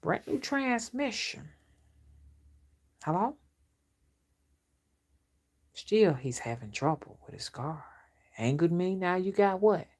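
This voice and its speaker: A middle-aged woman speaks in a fairly low voice. She talks in a casual but stern way, stretching out words to warn and scold her listeners as she tells a story. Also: big pitch swings, a little mellow. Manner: stern, warning, drawn-out emphatic storytelling. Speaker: rootwork spiritual reader. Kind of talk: casual storytelling monologue to camera.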